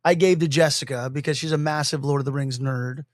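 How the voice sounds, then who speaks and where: Guy on a podcast telling stories, kinda higher voice, dry mic. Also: a little fast, dry recording. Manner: animated storytelling, acting out quotes. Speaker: podcast co-host and shop owner. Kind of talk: casual chat.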